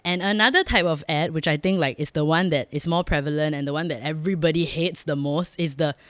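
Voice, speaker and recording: Smooth-voiced Singaporean woman, joking. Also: sits low, fairly quick, fairly bright tone, no room sound. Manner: frank, joking, laughs often, drops in local particles. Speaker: podcast host. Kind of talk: casual chatty monologue. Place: studio. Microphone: close studio mic.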